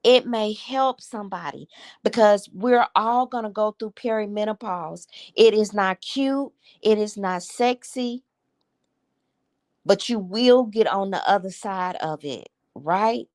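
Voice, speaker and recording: A woman, hosting a candid livestream chat and confiding in her viewers with emotion. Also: mid-range voice. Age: 50s. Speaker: livestream host. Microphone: streaming setup.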